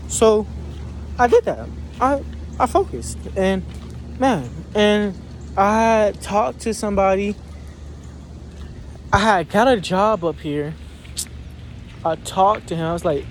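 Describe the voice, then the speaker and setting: A young man with a squeaky voice chatting casually in a vlog, rambling with restarts, recorded on a phone outdoors. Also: animated, a little hiss or hum. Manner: rambling, restarts, drawn-out pauses. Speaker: vlogger.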